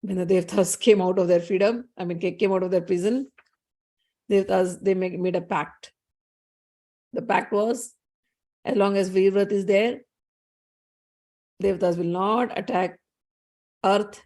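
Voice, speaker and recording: A woman's voice: medium pitch, steady tone, a little slow, long pauses, dark tone. A woman narrating a spiritual story in a conversational, explanatory way, with frequent restarts.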